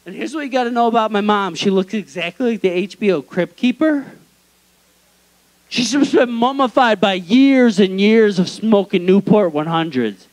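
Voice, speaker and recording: A man's voice: high-pitched, moderate pace, low-quality recording. A young man doing a stand-up comedy set in a small club, telling a story with lots of energy. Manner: animated storytelling with acted quotes.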